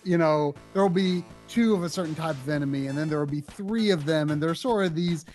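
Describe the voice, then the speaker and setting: A man's voice: a little high, a little fast, darkish tone, faint music behind. A man co-hosting a casual game stream chat, often repeating words as he starts a thought. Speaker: co-host of a retro gaming stream.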